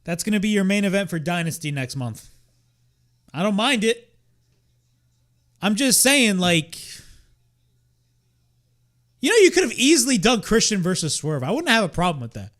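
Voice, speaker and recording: A man's voice: sits high, very animated, moderate pace, long pauses, a bit bright. A young man hosting a wrestling watch-along, ranting in exasperation, swearing and repeating himself. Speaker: wrestling reaction host.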